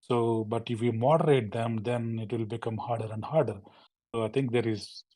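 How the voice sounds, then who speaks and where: A man calling into a live show, talking rapidly and rambling with constant fillers. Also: mid-range voice, fairly even intonation, warm tone. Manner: rapid, rambling, full of "you know" fillers. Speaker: caller. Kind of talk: phoned-in conversation.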